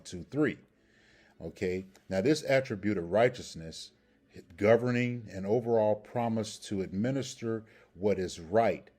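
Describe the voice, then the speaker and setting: Man, Hebrew grammar teacher, very low voice, deliberate explanations, checks in with listeners. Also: darkish tone. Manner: deliberate, explanatory, checks in with "okay?" and "all right?". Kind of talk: scripture language lesson.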